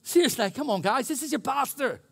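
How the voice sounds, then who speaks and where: A man's voice: extremely high pitch, lively intonation, fairly quick, creaky, slightly rough. A male pastor preaching a sermon in church, earnest and chatty, telling stories. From New Zealand. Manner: earnest, chatty, self-deprecating storytelling.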